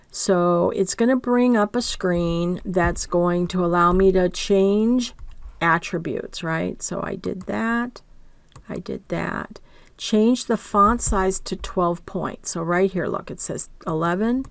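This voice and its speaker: A woman instructor narrating a software tutorial, talking through each click and often checking in with "right?". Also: lowish voice, slow pace, no echo.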